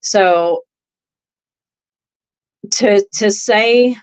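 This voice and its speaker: A woman who is an author speaks on a live video call, giving a halting, faith-filled testimony while holding back tears. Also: medium pitch, smooth, rough recording. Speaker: contributing author.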